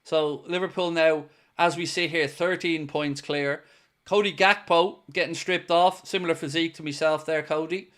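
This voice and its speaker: A man's voice: a little high, steady tone, normal speed, a bit bright. A man hosting a live football watchalong, mixing play-by-play with joking chat to his viewers. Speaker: host.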